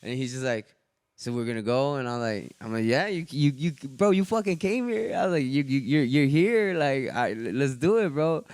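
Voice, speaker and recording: On a podcast, a fighter swaps stories in casual conversation, swearing heavily and animatedly acting out quotes loudly. He speaks at medium pitch and moderate pace in a smooth voice, recorded with no echo.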